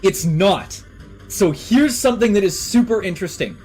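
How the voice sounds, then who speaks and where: Streamer, mid-pitch voice, casual rambling chat full of cursing, quiet music underneath. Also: animated, normal speed, low-quality recording. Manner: rambling enthusiastic tangents with swearing. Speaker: live streamer.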